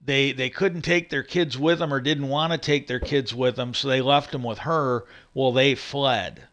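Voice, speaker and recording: A man's voice: mid-range voice, fairly even intonation, normal speed, fairly bright tone, slight background noise. A man chatting casually as a streamer, rambling with many fillers, restarts and swearing. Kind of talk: casual chat.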